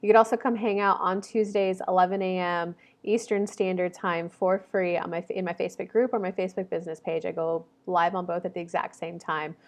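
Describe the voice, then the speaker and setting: A woman's voice: lowish voice, fairly even intonation, a little fast, hardly any pauses. Chatty woman giving a rambling astrology reading. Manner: rambling, chatty, many fillers and self-corrections. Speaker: astrology reader. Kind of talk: casual monthly zodiac reading to camera.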